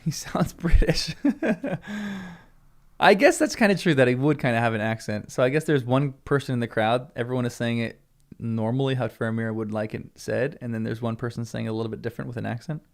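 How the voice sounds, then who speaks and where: Chatty, gravelly American man reading. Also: mid-range voice, brisk. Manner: chatty, laughs often, muses out loud. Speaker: channel host reading a book. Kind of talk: read-along with casual commentary.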